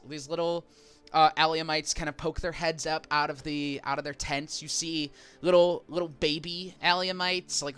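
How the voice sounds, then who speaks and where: Bright-voiced rambling male game master. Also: medium pitch, clean tone. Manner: rambling, filler-heavy description. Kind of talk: narrating a tabletop game stream.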